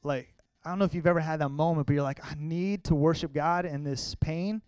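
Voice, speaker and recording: A man's voice: a little high, steady tone, darkish tone, smooth, dry recording. Earnest young man giving church testimony. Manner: earnest, conversational, halting with emotion. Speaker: church speaker sharing testimony. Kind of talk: personal testimony to a congregation.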